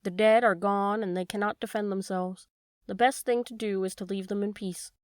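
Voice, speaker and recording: A woman voicing an earnest, proud wooden marionette boy in a storybook reading, with low, subdued replies. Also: steady tone, moderate pace, no room sound, clean studio sound, close to an everyday voice. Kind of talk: storybook read-aloud.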